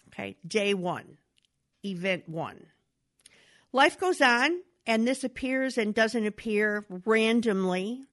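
Animated woman telling a teaching story. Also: mid-range voice. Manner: animated storyteller, wide swings in voice. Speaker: speaker on domestic violence. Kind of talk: storytelling lecture.

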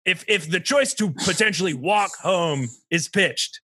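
A bright, high-pitched man barks orders in an improvised comedy scene. He plays a commanding officer who briefs his team and keeps checking in with "okay?". The sound is close and dry. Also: lively intonation, a little slow, husky, no room sound. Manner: bossy, briefing tone, ends lines with "okay?".

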